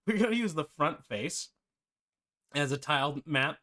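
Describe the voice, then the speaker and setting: A man's voice: a little high, animated, a little slow, bright, forceful tone. Man, game dev tutor, live stream lesson, chatty, laughs a lot. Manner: chatty, self-deprecating, laughs often.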